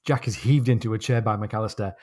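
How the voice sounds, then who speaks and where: A man co-hosting a podcast, chatting casually about a novel and reading passages aloud slowly and deliberately. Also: lowish voice, fairly even intonation, darkish tone. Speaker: podcast co-host. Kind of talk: casual book discussion with read-aloud passages.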